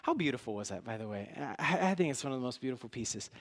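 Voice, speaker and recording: A tired man preaching a sermon in a church hall, earnest and halting, with many restarts, and moved to emotion at times. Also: mid-range voice, animated. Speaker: pastor.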